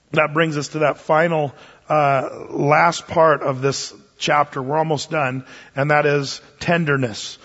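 A male pastor preaching a sermon in a relaxed, storytelling way, with frequent fillers and restarts. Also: fairly high pitch, slightly rough. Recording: dull sound in a long-reverb hall.

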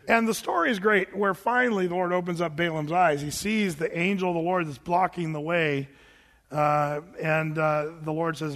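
A man preaching a sermon, retelling a story in an animated, conversational way with fillers and restarts. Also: on the high side, moderate pace, long reverb tail.

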